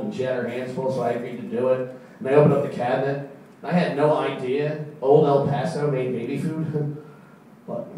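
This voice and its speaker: A man doing a stand-up comedy set on a club stage, deadpan and halting, with many fillers. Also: medium pitch. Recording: echoey room, far from the mic, faint crowd noise.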